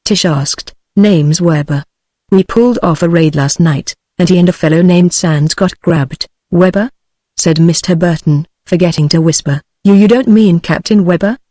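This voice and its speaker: A text-to-speech woman's voice with a British English accent, reading a novel aloud in an even, steady way. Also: fairly low pitch, moderate pace, no echo. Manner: even, steady synthetic delivery. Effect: synthetic text-to-speech voice. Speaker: audiobook narrator.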